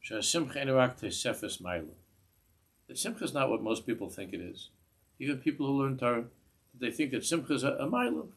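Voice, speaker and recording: A man's voice: mid-range voice, very animated, a little fast, slightly rough. A man, a rabbi giving a class in a synagogue, earnest, restarting phrases and mixing in Hebrew terms. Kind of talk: sermon.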